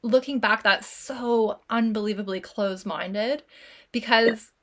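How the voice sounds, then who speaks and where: A woman's voice: a little high, a little slow, a bit bright. A woman co-hosting a yoga podcast, chatting earnestly and reflectively, with lots of "like" fillers. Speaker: podcast co-host. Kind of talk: casual chat.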